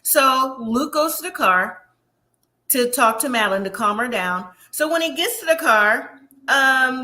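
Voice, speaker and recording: A woman talks through a reality show episode in a loose, chatty recap and throws her opinions right at the listener. Her voice is bright and sharp and sits a little high. Now and then she drops into quick impressions of the people she is describing. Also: animated. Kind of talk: casual episode recap commentary.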